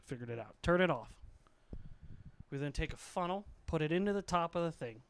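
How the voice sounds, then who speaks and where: A man's voice: on the high side, expressive, brisk, a little hiss or hum. Laughing, storytelling young guy. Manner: laughs a lot, acts out stories in voices, swears casually. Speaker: podcast co-host. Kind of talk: casual chat.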